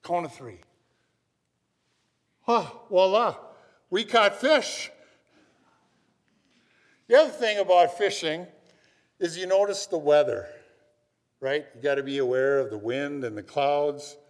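A man's voice: a little high, normal speed, darkish tone. Man preaching in a reverberant hall. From Minnesota, USA. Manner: storytelling, conversational, often adds "right?". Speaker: pastor. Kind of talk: sermon.

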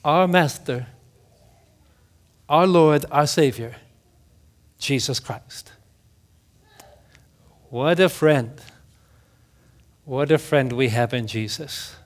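A male pastor delivering a sermon, slow and emphatic, with dramatic drops to near-whispers. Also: mid-range voice.

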